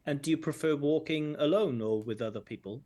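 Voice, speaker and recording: A man's voice: a little high, fairly quick, mellow, slight background noise. A man working as an exam examiner, talking through a recorded speaking test and repeating words to model how they should sound. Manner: thinks aloud, repeats words to model pronunciation. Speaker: IELTS examiner giving feedback. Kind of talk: reviewing a recorded test aloud.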